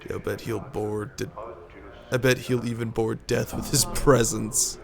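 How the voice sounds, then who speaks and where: A man's voice: medium pitch, little pitch movement, a little slow, gravelly, crowd noise. A man reading aloud the lines of a blunt woman initiate in a game, with folksy turns of phrase. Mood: scornful. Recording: game music behind.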